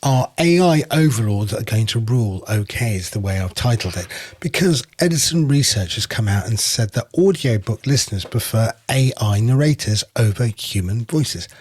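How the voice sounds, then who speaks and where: A man co-hosting a podcast news show, briskly introducing stories and moving things along. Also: medium pitch, animated, a little mellow, breathy edge, dry recording. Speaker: podcast co-host. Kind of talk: casual news chat.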